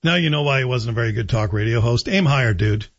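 A man's voice: mid-range voice, lively intonation, fast. A middle-aged man hosting a talk radio show, delivering joking, sardonic commentary. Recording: dull lo-fi recording.

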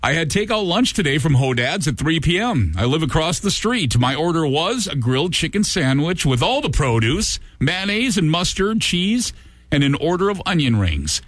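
A male talk-show co-host reading listener complaints aloud in an animated, theatrical way, breaking into shouted exclamations. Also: fairly high pitch, normal speed, no room sound, clean studio sound.

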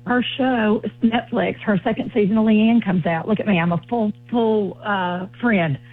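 Husky Southern woman on a phone line. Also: mid-range voice, normal speed, no room sound. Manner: bubbly, gushing, folksy. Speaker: comedian guest. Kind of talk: casual chat on a phone call.

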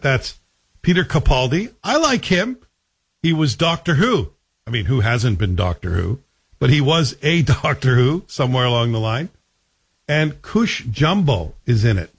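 A man's voice: medium pitch, slightly rough. A man talking casually about a TV series in a chatty, wry way, asking rhetorical questions. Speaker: TV reviewer. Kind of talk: casual spoken TV review.

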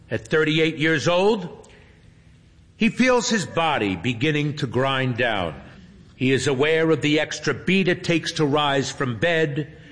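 Male narrator, unhurried and animated, wry humor, somewhat high voice; long hall reverb. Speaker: storyteller. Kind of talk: scripted narration.

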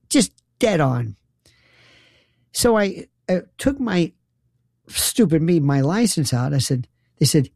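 A man's voice: mid-range voice, creaky, warm tone, dry recording, clean studio sound. A man telling incredulous, sarcastic stories in an opinionated monologue. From New York.

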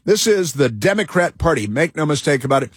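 Emphatic husky-voiced male radio host. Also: a little high, sing-song, brisk, no echo, clean studio sound. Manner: emphatic, rambling with many fillers and restarts. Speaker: radio talk show host. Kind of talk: political talk radio monologue.

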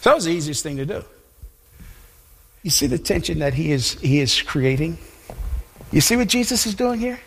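A man preaching a sermon in a conversational, animated storytelling way, often repeating himself. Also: fairly high pitch, normal speed, creaky, long pauses, slightly rough, in a large hall.

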